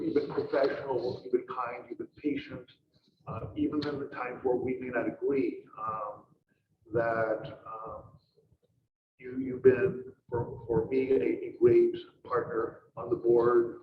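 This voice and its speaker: Chairing a school board meeting, a man with a mid-range voice gives formal remarks haltingly, full of fillers and repeated words. The recording sounds distant, muffled and roomy, with noise in the background.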